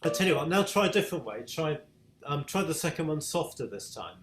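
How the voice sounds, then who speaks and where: A British man teaching piano in a patient, encouraging way, his voice sitting a little high. He comes through an echoey room on a video call, with piano sounds around his words. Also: sing-song, fairly quick. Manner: encouraging, patient, asks questions. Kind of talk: online piano masterclass.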